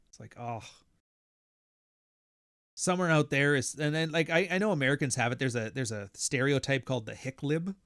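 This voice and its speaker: A man's voice: medium pitch, fairly bright tone, dry recording, clean studio sound. Blunt, profane Canadian man ranting. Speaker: podcast host. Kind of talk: casual podcast rant.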